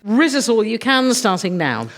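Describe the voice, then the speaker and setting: A woman's voice: a little high, very animated, normal speed. A woman hosting a comic radio panel game, chairing the players in a teasing, playful way. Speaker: host. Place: radio studio before an audience.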